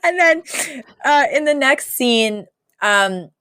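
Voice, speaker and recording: A woman's voice: sits high, animated, takes it slowly, pushed and bright, clear, resonant tone, no echo, studio quality. A woman co-hosting a podcast, chatting casually and laughing often as she recaps a sitcom episode. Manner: chatty, laughs often, many fillers and restarts. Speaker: podcast co-host.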